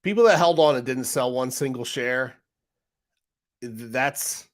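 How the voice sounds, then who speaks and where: A man's voice: medium pitch, measured pace. A man hosting a casual livestream, talking straight to his viewers in a frustrated, rambling way. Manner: frustrated, rambling, talks to chat directly. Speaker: live stream host.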